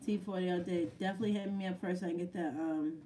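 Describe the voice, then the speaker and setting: A woman's voice: lowish voice, fairly even intonation, very fast, warm tone, distant mic, a little hiss or hum. A woman battle rapper answering viewer questions in a casual live chat, blunt and swearing freely, often laughing.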